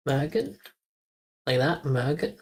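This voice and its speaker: Streamer voice, super slow and gravelly, repeating words again and again, chuckles now and then. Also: medium pitch, expressive, a little mellow. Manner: slow, repetitive drilling of words, chuckles and mild swearing. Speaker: streamer learning German. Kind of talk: casual live-stream pronunciation practice.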